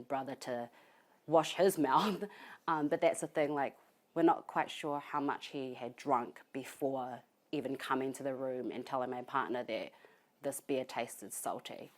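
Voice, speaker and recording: A grieving young woman with a low-pitched voice. She speaks softly and haltingly, with frequent pauses and fillers, in an interview at home. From New Zealand. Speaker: grieving family member being interviewed. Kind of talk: emotional interview testimony. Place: family home, indoors.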